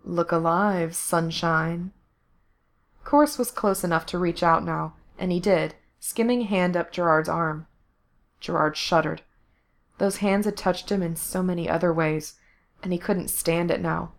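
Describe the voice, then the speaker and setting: A woman reads fiction aloud as narrator, in a steady, even storytelling voice. Her pitch sits somewhat low for a woman. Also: normal speed, creaky. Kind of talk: fan fiction reading.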